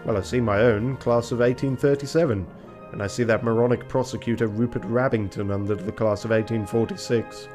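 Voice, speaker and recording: Prim rooster lawyer read by a man, formal, polite, mid-pitched, faint music behind. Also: fairly even intonation, a little fast, darkish tone, close to an everyday voice. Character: proper male rooster lawyer, fussy and polite.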